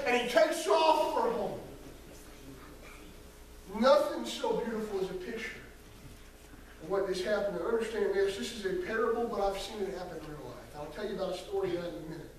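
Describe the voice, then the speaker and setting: A man, an associate pastor, preaching a folksy sermon and calling on church members by name, swinging from shouts to near whispers. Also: high voice, fairly quick, a little hiss or hum. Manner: folksy storytelling, calls on congregation members by name; rises to shouting peaks, then drops very soft. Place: church sanctuary. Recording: echoey church hall, voice from far off.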